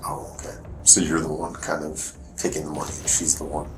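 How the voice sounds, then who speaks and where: A man questioning a suspect in a police interview, calm and steady. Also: very deep voice, brisk. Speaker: detective. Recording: noisy interview-room recording.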